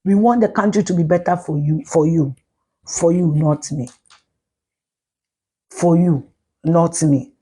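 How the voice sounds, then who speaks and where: A middle-aged Ghanaian woman with a Ghanaian accent, ranting loudly and profanely in a live video, slipping into Twi. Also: lowish voice, unhurried, pauses often, breathy edge. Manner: loud, profane, mixes in Twi. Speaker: social media personality.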